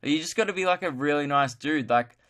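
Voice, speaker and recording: A man's voice: a little high, brisk, a bit bright. A young man hosting a solo podcast, chatting casually in a rambling, joking, self-mocking way. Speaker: podcast host.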